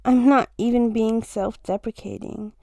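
A woman's voice: fairly high pitch, steady tone, unhurried, vocal fry, warm tone, dry recording. A young woman in a casual romantic role-play, teasing and playful, laughing often and swearing easily as she talks to her partner. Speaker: fiancée in a listener role-play.

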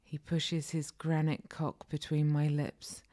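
Brief: woman narrator, low register, unhurried, breathy, whispery intimate storytelling. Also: monotone, mellow. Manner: slow, breathy, often half-whispered. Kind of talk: intimate first-person erotic audio story.

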